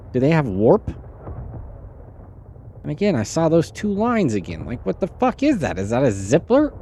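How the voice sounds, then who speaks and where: A man's voice: fairly low pitch, darkish tone, a little hiss or hum. A man doing live gameplay commentary, swearing freely and ranting in exasperation at his teammates, with incredulous outbursts. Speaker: streamer.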